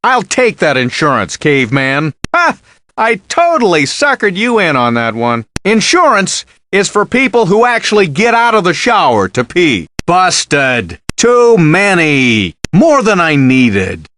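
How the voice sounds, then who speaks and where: A man's voice: fairly high pitch, huge pitch swings, a little slow, bright, forceful tone, slight background noise, full character voice. An actor playing a sarcastic male blackjack dealer in a video game, teasing the player with one-liners.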